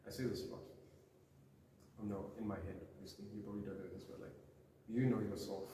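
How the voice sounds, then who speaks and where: A fast-talking young man with a fairly low, steady voice chats casually as a podcast guest. He rambles, pokes fun at himself and uses lots of fillers. The setting is a university campus room, recorded with a faraway mic amid echo and noise.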